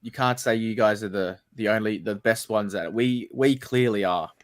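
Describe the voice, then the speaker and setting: Aussie guy co-hosting, lowish voice, jokey and blunt, lots of banter. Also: normal speed. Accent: Australian. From Australia. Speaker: co-host. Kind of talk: casual chat.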